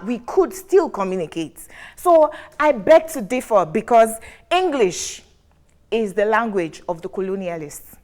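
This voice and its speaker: Nigerian woman debater, slightly high voice, measured and firm. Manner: measured, firm, rhetorical repetition. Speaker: debate guest. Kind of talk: formal debate argument.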